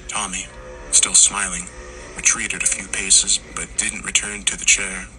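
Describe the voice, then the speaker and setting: A man reading a scripted horror story in slow, hushed tones, sometimes dropping to a whisper. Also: sits low, level tone, faint music behind, low-quality recording. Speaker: narrator.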